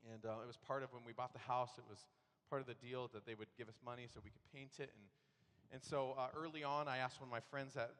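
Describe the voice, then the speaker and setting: A man preaching a sermon as pastor, telling a personal story in a conversational way and sometimes acting out frustration loudly. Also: mid-range voice. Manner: conversational storytelling, bursts into animated acted-out outrage. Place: church sanctuary. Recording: long hall reverb in a church.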